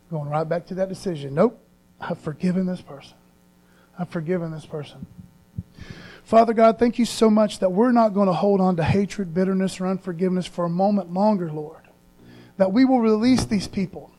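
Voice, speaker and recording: A man's voice: high-pitched, a little mellow. A man preaching a sermon as pastor in a casual, earnest way, using slang and repeating phrases for emphasis.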